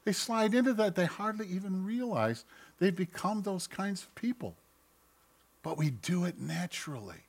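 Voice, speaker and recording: A man preaching a sermon, swinging from loud mocking outbursts to quiet asides and acting out quoted voices. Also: high voice, very animated, moderate pace, vocal fry, breathy edge. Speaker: pastor.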